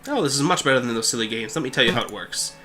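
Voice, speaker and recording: A man's voice: medium pitch, expressive, racing, bright, forceful tone, soft background music. A man reading the lines of a pushy gambler who keeps coaxing people into card games. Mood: plain. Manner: coaxing, insistent.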